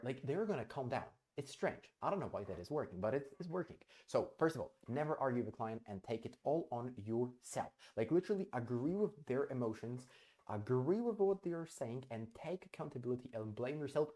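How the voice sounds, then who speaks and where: A man's voice: mid-range voice, lively intonation, fairly quick, mellow. A man hosting a talk on client handling, blunt and emphatic, swearing freely and repeating himself for stress. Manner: acts out client dialogue as he explains. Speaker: host. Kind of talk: direct-to-camera business advice.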